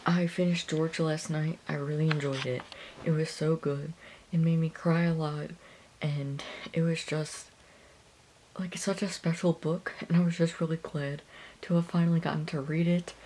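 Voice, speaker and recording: A woman's voice: fairly low pitch, mellow, slight background noise, rough recording. A young woman talking casually in a reading vlog, rambling and chatty with plenty of filler words. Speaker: book vlogger.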